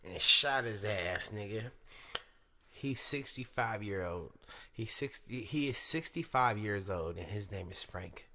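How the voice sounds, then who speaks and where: A man's voice: lowish voice, animated, measured pace, sharp tone. A young man from Sacramento hosting his own podcast, talking to listeners in a loose, profane, slang-heavy monologue. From Sacramento, California. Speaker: podcast host.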